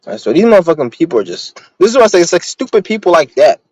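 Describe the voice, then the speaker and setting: A man's voice: fairly high pitch, big pitch swings, quick pace, darkish tone, no room sound, muffled recording. A young man talking casually to the camera from his car, rambling and swearing while telling stories, agitated and blunt. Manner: profane, rambling, agitated storytelling. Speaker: vlogger.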